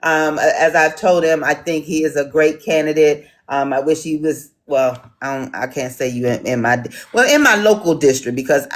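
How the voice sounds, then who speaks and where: A woman's voice: deep voice, normal speed, hardly any pauses. Dc woman running a town hall chat, casual, lots of ums and restarts. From Washington, D.C. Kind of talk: online town hall moderating.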